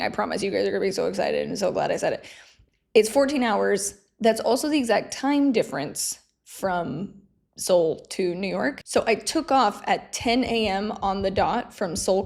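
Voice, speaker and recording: A woman's voice: medium pitch, vocal fry. A young woman chatting casually to camera, rambling and self-deprecating, often breaking into laughter. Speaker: vlogger.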